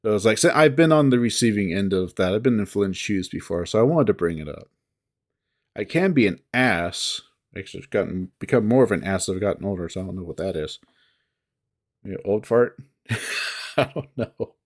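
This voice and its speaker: A man's voice: lowish voice, lively intonation, moderate pace. A man who reads visual novels, talking casually to his viewers in a rambling, hesitant, self-deprecating way. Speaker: visual novel reader and voice actor.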